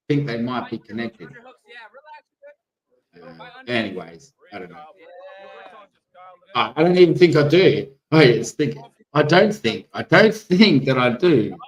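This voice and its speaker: A man's voice: medium pitch, low-quality recording. Rambling Australian man on a livestream. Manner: rambling, musing aloud, reads chat names. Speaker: livestream co-host. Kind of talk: casual livestream chat.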